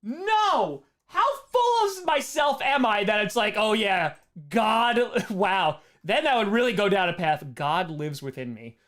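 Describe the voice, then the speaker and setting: Lively, playful man chatting on stream. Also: sits high, unhurried, few pauses. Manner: playful, jokey, reads chat aloud and laughs often. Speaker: comedian streamer answering chat. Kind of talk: casual live-stream Q&A.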